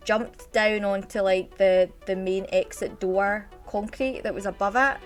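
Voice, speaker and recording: A Scottish woman chats away on a home stream, rambling through a story and breaking off to welcome viewers by name. Her voice sits at an ordinary pitch, and soft music plays quietly behind her. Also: steady tone, unhurried. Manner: chatty, rambling storyteller greeting chat viewers. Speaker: live streamer. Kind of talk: casual live-stream chat.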